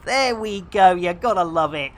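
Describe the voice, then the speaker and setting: A British man gives comedic live gameplay commentary into a desk mic, jokey, rambling and laden with innuendo. His high, expressive voice bounces up and down constantly at a normal speed.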